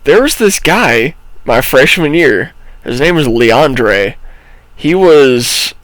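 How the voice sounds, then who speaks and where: A young man from Illinois, co-hosting a podcast in rambling, animated storytelling with profanity. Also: medium pitch, takes it slowly, dry recording, rough recording. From Illinois, USA. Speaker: podcast co-host.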